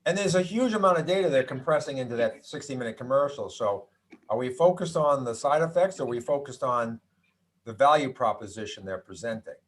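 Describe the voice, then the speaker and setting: A middle-aged man from the United States talks through a presentation in a mid-pitched voice. He is chatty and wry, with asides and restarts as he goes. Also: lively intonation, brisk. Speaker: doctor giving a health talk. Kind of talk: presentation with slides.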